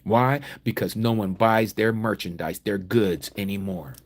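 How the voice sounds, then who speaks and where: An American man teaching a Bible study livestream, preaching emphatically with rhetorical questions and conversational asides. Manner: emphatic preaching that swings from low, slow reading to loud, fired-up exhortation.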